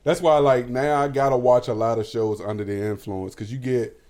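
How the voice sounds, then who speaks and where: A man's voice: medium pitch, fairly even intonation, normal speed, darkish tone. A man co-hosting a podcast from home, chatting casually, profane and laughing often. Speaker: podcast co-host. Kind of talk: casual chat.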